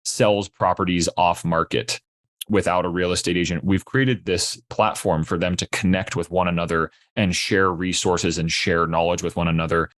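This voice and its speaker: Deep-voiced man pitching his platform. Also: moderate pace. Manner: steady explanatory pitch. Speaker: startup founder guest. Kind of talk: podcast interview.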